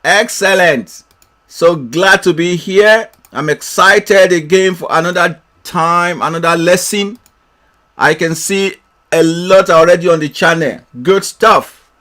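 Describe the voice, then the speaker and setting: A man's voice: high-pitched, fairly bright tone. A man hosting a live trading lesson, cheerfully greeting viewers by name and laughing often.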